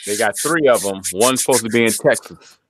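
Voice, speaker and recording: A man's voice: lowish voice, brisk, no room sound, studio quality. A man in a casual tech chat, describing things hesitantly while searching for words.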